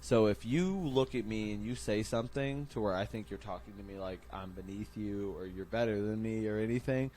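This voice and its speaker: A man's voice: fairly low pitch, a little fast, few pauses, a little mellow, slight background noise. A young adult man hosting a casual podcast, talking bluntly with heavy swearing and acting out quoted lines. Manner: blunt, profane, acts out quotes. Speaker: podcast host.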